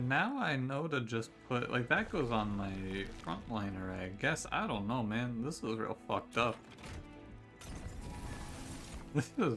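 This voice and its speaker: Man, casual gameplay commentary, lively up-and-down pitch, game music playing behind. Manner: chatty, jokey, exasperated outbursts. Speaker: gaming streamer.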